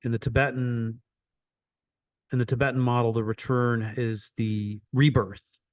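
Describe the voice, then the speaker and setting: A man's voice: mid-range voice, little pitch movement, a little slow, dry recording. Man teaching in a dry voice. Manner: repeats phrases for emphasis. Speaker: coach. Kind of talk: online teaching session.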